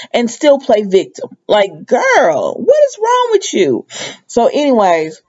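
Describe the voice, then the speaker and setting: A woman's voice: mid-range voice, dark tone, muffled recording. Chatty woman recapping a soap episode. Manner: chatty, opinionated, retells scenes with quoted lines. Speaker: soap opera recap host.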